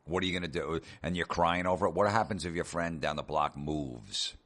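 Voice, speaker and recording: Very deep-voiced man ranting profanely. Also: fairly even intonation, a little fast, fairly bright tone. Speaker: podcast host. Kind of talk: comedic ranting monologue.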